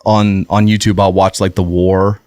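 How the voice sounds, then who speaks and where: A man co-hosting a podcast, chatting loosely and circling his point with many fillers and restarts. His voice sits low, and the recording is close and dry. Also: level tone, moderate pace, a little mellow, dry recording. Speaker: podcast co-host. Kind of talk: casual chat.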